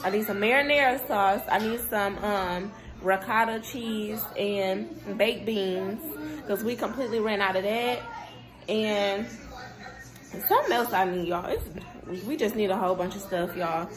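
A woman's voice: mid-range voice, a little slow, music in the background. A woman chatting casually to viewers about her grocery haul, a little sick with a sore throat and runny nose. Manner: chatty, talks straight to viewers, says y'all a lot. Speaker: vlogger.

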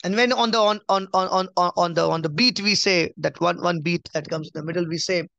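A man giving a conversational Bible teaching, emphatic, repeating key phrases and dropping to a soft, low voice. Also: fairly quick, creaky, no echo, lo-fi sound. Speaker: preacher.

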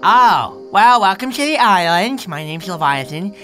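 A man voicing a friendly, goofy male sea monster who shouts eagerly in a game machinima. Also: high voice, big pitch swings, unhurried, faint music behind, full character voice. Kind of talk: game machinima role-play.

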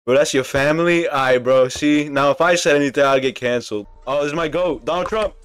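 Excitable young man streaming with slang. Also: fairly high pitch, fairly quick. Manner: excitable, slangy, laughs often. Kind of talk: casual reaction stream chat.

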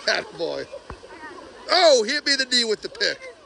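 A man vlogging outdoors by a pond, chatty and excited as he narrates while walking with a handheld phone. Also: extremely high pitch, gravelly, a little hiss or hum. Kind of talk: casual outdoor vlog commentary. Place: outdoors by a pond and beaver dam. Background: rushing water.

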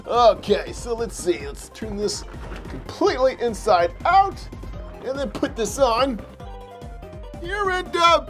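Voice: mid-range voice, animated, slow pace, a bit bright, faint music behind. A performer voicing a giggly male puppet who hosts a comedic toy review show, laughing constantly and exclaiming through it. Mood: giggly, amused. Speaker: host.

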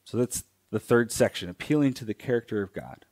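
A man preaching a sermon in a church, teaching slowly and deliberately, pausing and repeating key phrases. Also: on the low side, expressive, darkish tone. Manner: slow, deliberate teaching with pauses and repetitions.

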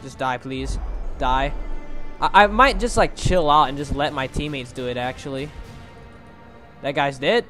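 A man giving excitable gameplay commentary, thinking aloud and swearing often. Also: mid-range voice, a little slow, long pauses. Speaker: gamer playing a mech game. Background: background music.

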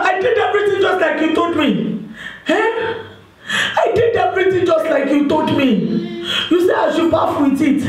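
A woman with a Nigerian accent playing a single woman desperate to marry, pleading and complaining on a phone call in a church stage drama, with bursts of shouting. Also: high voice. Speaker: stage actor. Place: stage in an echoey hall. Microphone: distant mic. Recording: echoey hall, distant microphone.

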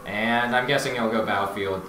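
A young man doing casual esports play-by-play, knowledgeable and quick with game jargon, swearing casually. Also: on the low side, pushed and bright. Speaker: play-by-play commentator. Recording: roomy echo with faint noise.

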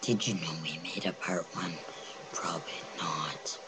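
A young man with a very deep voice riffs over a game in a slow, goofy, mock-dramatic way. He slides into whispers and then swings back up with lively pitch. The recording carries clear background noise. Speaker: gamer recording a video. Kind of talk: goofy casual game commentary.

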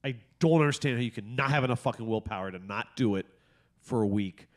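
A man, likely in his thirties, co-hosting a casual podcast and telling stories with lots of swearing and animated outbursts. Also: medium pitch, fast. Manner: animated, profane storytelling. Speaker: podcast co-host.

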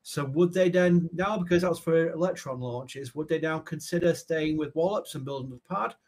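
Rambling higher-voiced man co-hosting. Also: moderate pace. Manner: rambling, lively storytelling. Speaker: co-host, managing editor. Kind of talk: casual live show chat.

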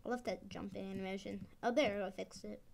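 A young woman casually commenting while she plays a video game, rambling and excitable, her speech slightly off from a dental expander. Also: mid-range voice, a little fast, gravelly. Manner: chatty, excitable, rambling with fillers. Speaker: gaming video host.

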